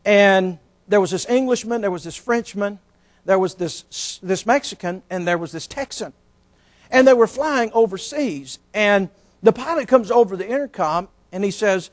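Folksy high-voiced pastor. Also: male voice, lively intonation, moderate pace. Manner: folksy, joking, storytelling. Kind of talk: sermon.

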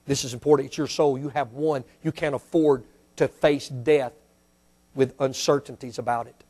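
A male pastor preaching a sermon and leading an altar call in a church, swinging from loud fiery preaching to soft pleading prayer. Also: mid-range voice, fairly even intonation, normal speed, husky. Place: church sanctuary.

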